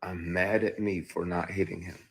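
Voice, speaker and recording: A man with a very low, husky voice tells a story candidly over a phone livestream. He speaks with heated emphasis, pushing into loud bursts before dropping back down. The grain in his voice stays rough throughout. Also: level tone, moderate pace. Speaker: actor. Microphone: phone on a live stream.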